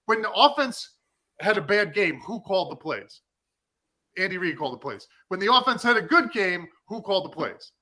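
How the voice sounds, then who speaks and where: Fired-up male co-host, bright edgy tone, casual sports talk. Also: high voice, moderate pace. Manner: animated, fired up. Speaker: podcast co-host, former defensive lineman.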